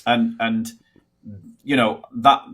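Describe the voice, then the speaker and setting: A British man talking in a casual livestream chat over a video call, measured and wry. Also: mid-range voice, level tone, fairly bright tone. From United Kingdom.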